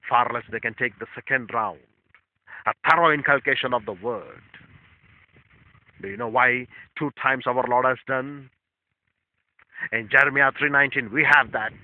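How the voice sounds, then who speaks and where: A male pastor preaching a sermon in emphatic, non-native English, repeating phrases and swinging between loud stresses and quiet asides. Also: mid-range voice, no echo. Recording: tinny phone-like dry sound.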